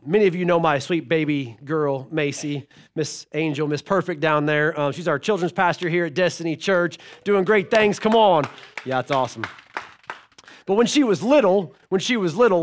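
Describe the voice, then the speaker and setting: Folksy preacher man. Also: on the high side. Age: middle-aged. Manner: folksy storytelling with humor and asides to the congregation. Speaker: pastor. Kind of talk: sermon.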